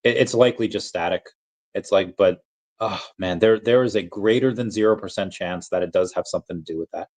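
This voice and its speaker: A man's voice: low-pitched, brisk, darkish tone. A young man hosting a casual livestream, reading chat aloud in a rambling, playful way and often stumbling over repeated words.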